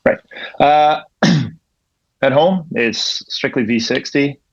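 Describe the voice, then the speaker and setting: A man's voice: medium pitch, very slow, no echo. A young man from Ontario, a coffee professional and podcast guest, rambling in a laid-back way, swearing freely, with lots of "like.". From Ontario, Canada. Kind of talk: casual chat. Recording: dull lo-fi podcast audio.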